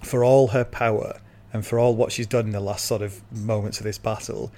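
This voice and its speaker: Low-voiced man explaining earnestly. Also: fairly even intonation, a little fast, a little mellow. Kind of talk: casual discussion.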